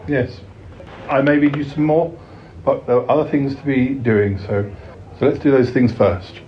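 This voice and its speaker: A man hosting a podcast, reading a poem aloud in an unhurried, wry way. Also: medium pitch, steady tone, highs cut off, slight background noise. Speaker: podcast host.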